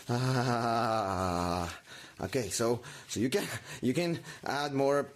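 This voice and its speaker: A man giving a theatrical craft tutorial, halting and melodramatic, talking to himself with mock anxiety. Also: medium pitch. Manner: halting, many restarts.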